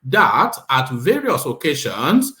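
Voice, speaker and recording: A man's voice: mid-range voice, wildly swooping pitch, takes it slowly, bright, forceful tone. A man hosting a political talk show, emphatically reading a legal document aloud. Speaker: host. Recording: roomy echo.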